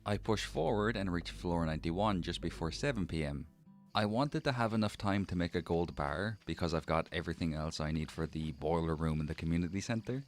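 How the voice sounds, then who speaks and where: Young male narrator, very low voice, dry mock-grand humor, soft music under him. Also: a little fast. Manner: deadpan, mock-formal comic delivery. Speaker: gaming channel narrator. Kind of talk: scripted gameplay narration. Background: faint game background music.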